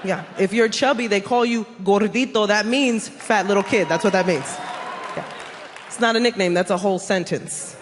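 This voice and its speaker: A woman's voice: mid-range voice, a crowd in the background, noisy background. A woman from the South Bronx, doing brash, teasing stand-up comedy on a big stage. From South Bronx, New York. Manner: brash, teasing, quick punchlines with playful impressions. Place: large theater stage with a live audience. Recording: stage mic with loud audience laughter.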